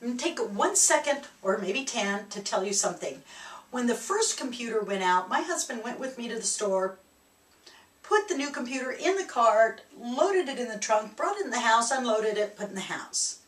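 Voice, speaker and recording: Animated woman telling a story in an echoey room. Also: on the high side, moderate pace. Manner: animated, laughs through her story. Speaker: spiritual speaker. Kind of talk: reflective personal storytelling. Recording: echoey room, distant mic.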